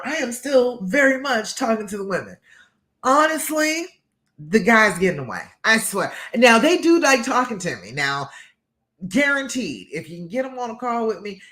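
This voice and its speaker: A woman hosting a live show as a love coach, giving affirmations and pep talk straight to her viewers in an animated, sassy way. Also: on the low side. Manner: animated, sassy, talks straight to viewers with pet names like honey and girl. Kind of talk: motivational live stream talk.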